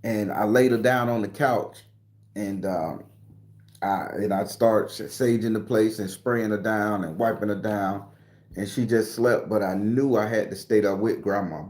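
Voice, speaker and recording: A man's voice: lowish voice, steady tone, measured pace. A man, hosting a livestream and telling stories in a casual, profane way. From southern Florida. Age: 40s. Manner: loud greetings to viewers, profane slang. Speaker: livestream host. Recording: echoey room.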